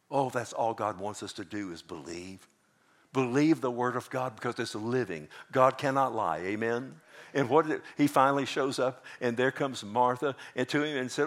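A male pastor preaching a sermon, swinging between loud emphatic bursts and quiet asides, drawing answers from the congregation. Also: mid-range voice, moderate pace. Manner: preaching with rising emphatic bursts and call-and-response.

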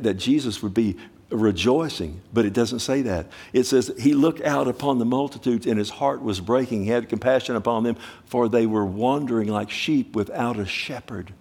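A man preaching a sermon, animated, swinging from loud urgent bursts to quiet low asides. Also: breathy edge.

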